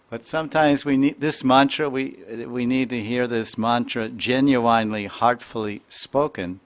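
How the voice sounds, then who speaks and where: A man giving a devotional lecture as a spiritual teacher, chanting verses and imitating sounds in a playful, animated way. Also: mid-range voice, moderate pace. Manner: animated, playful, mimics sounds and voices, chuckles often.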